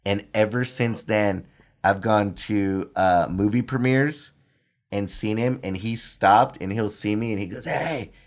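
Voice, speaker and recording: A middle-aged man telling animated, laughing stories as a podcast guest. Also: lowish voice, measured pace. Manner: animated, laughing storyteller with lots of "I'm like". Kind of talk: casual storytelling.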